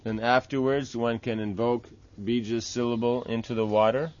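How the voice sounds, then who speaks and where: A man's voice: medium pitch, flat delivery, moderate pace, a little mellow, highs cut off. A man teaching the steps of a temple worship ritual, explaining patiently and often checking with "right?". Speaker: religious teacher. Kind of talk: instructional talk on temple worship.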